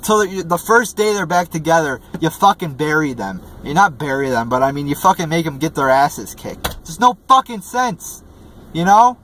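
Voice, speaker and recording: A man's voice: a little high, expressive, moderate pace, fairly bright tone, slight background noise. A man ranting through a wrestling show review, swearing constantly and stumbling over restarts and fillers. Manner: profane and exasperated, heavy swearing, many fillers and restarts.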